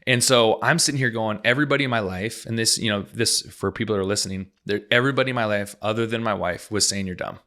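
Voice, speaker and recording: A man with a fairly low voice and a bright, forward edge tells his own story in a relaxed interview. He acts out the people he quotes and peppers his talk with casual fillers. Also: fast talker, few pauses. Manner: animated, acts out quoted dialogue, many "like" fillers. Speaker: podcast guest, missionary. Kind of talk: personal storytelling in a conversational interview.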